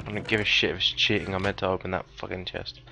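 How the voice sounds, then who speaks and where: A man giving cheeky, casual gameplay commentary, swearing often and breaking into sudden high, excited yelps. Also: quick pace, gravelly, soft background music. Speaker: let's player.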